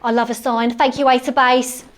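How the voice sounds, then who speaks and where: A gushing, excitable housewife, as a woman plays her on stage, who rambles from one aside to the next. Her fairly high voice rushes with enthusiasm through a live one-woman comedy monologue. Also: a little hiss or hum, natural voice. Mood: gushing chatter. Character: chatty cleaning-obsessed English housewife. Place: theatre stage.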